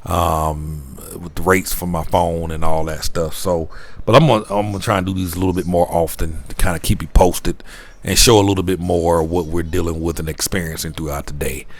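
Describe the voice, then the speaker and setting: A man with a deep, low voice gives a casual video update into his phone at night. He rambles, restarts and repeats words as he goes. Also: fairly even intonation, fairly quick. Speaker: vlogger. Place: rented room at night.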